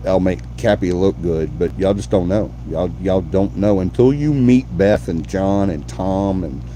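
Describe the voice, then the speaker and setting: A man's voice: low voice, mellow, slight background noise. A man hosting a live paranormal show, chatting effusively with viewers and repeating himself. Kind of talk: casual live-stream chat.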